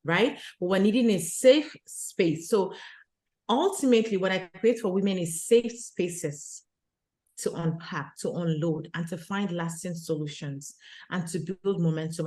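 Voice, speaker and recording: A woman's voice: lowish voice, dark tone. A woman guest telling her immigrant story in an earnest, conversational way, often adding "you know" and "right?". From abroad, immigrant to Canada. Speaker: guest, retreat organizer for women.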